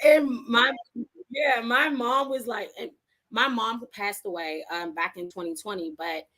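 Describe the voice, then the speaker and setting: A woman's voice: a little high, a little slow. Chatty woman author telling stories. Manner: animated, acts out quoted voices, laughs often. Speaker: author, guest. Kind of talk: casual storytelling.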